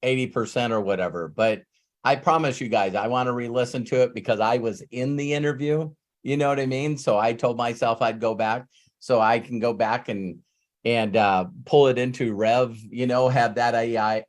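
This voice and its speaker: A man's voice: medium pitch, steady tone, moderate pace. A man hosting a live online coaching session, chatting casually and laughing often. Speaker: host, life coach.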